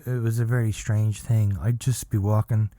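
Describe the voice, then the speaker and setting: A man from Ireland, telling a comic story as a podcast host in a halting, mock-earnest deadpan with long pauses. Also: lowish voice, no echo.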